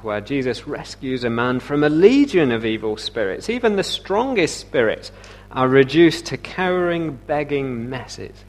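A man preaching a sermon in a conversational way, asking rhetorical questions and using many "uh" fillers. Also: medium pitch.

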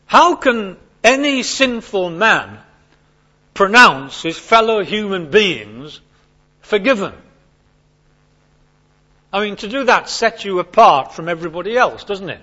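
A man preaching a sermon to his congregation, emphatic and animated, repeating his key points. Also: high voice, takes it slowly, long pauses, muffled recording.

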